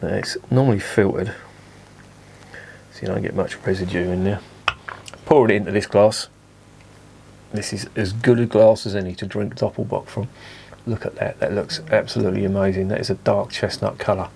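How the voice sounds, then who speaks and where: A man with a lowish voice talks through a beer tasting in a relaxed, chatty way. He is blunt and enthusiastic and swears freely. A faint hum sits behind him. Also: moderate pace, gravelly, pauses often. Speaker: beer reviewer. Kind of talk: casual beer review vlog.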